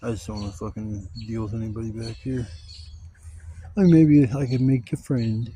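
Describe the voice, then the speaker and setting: A man vlogs while camping in the woods, gathering wood and rambling casually in Southern-style speech laced with heavy swearing. His mid-range, mellow voice keeps fairly even intonation at a moderate pace, picked up by a camera mic on a handheld gimbal with slight background noise.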